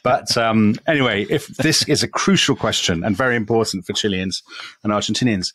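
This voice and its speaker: An English podcast co-host tells history stories in a relaxed, chatty way, his low, slightly rough voice dry and close with no room sound. He talks a little fast, drifts into self-deprecating asides, and keeps leaning on loose phrasing like "kind of" and "sort of."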